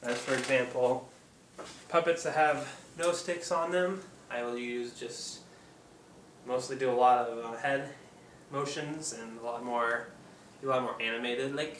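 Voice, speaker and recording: A man from Oregon walks through puppetry tips in a loose, hesitant way, stopping often for ums. He sits back from the mic in a roomy space, with a faint hum behind him. His pitch sits in a middle range. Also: fairly even intonation, measured pace, fairly bright tone. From Oregon, USA. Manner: rambling, hesitant, lots of ums. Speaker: puppeteer, channel host. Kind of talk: casual how-to tutorial. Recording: echoey room, distant mic, faint background hum.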